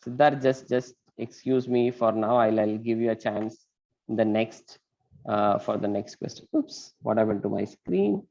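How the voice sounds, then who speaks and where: A man's voice: fairly low pitch, a little slow, creaky, a little mellow. Patient male teacher on a muffled call. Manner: patient, questioning, explains step by step. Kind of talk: online class teaching.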